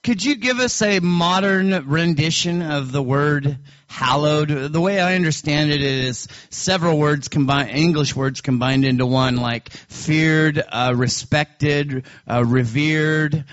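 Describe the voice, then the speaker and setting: A man's voice: a little high, slow pace, few pauses, a bit bright. A man chatting casually about faith, blunt and joking in a plainspoken way. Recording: dry dull lo-fi recording.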